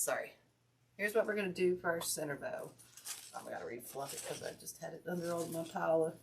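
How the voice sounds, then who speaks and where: A woman's voice: deep voice, slight background noise. A woman hosting a casual live craft tutorial, chatty and rambling with lots of fillers as she greets viewers. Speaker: craft livestream host.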